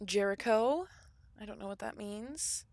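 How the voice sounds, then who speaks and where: A woman's voice: medium pitch, measured pace, no room sound. A young adult woman streaming a game, chatting casually with viewers, swearing freely and puzzling over their comments. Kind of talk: casual live-stream chat. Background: loud game music.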